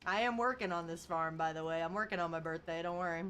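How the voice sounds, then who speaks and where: A woman's voice: lowish voice, fast, a bit bright, a little hiss or hum. A woman live-streaming casual chat from a farm while driving a tractor, chatty and laughing often as she answers her viewers.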